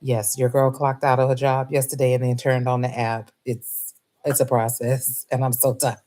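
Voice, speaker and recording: A middle-aged woman, telling a story in casual chat to her live audience, animated and laughing often. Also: extremely low pitch, moderate pace. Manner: animated, laughs often, acts out quoted voices.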